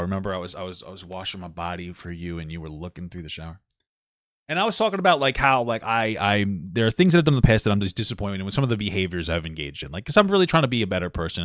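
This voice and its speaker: A man with a New York accent talks fast in a lively, swooping voice, swearing freely as he co-hosts a casual chat. The sound is dry and close, with no room to it. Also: on the low side, dry recording. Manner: animated, profane, self-deprecating. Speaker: podcast co-host.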